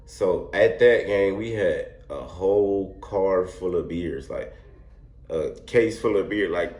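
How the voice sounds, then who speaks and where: Young dude telling a storytime, laughing a lot, slangy, echoey room. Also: male voice, on the low side. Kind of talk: casual storytime vlog.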